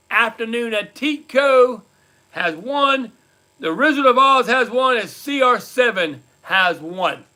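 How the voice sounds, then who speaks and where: A man with a very high, bright and forceful voice hosts a live trivia night in casual chat. He reads out scores and repeats each question slowly. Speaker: livestream trivia host.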